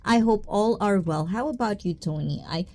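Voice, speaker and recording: A woman's voice: mid-range voice, normal speed, a little mellow. A woman hosting a casual livestream, greeting viewers one by one in a bubbly, playful way, mixing English with Tagalog and Japanese phrases. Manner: giggly, with frequent catchphrases. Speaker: livestream host.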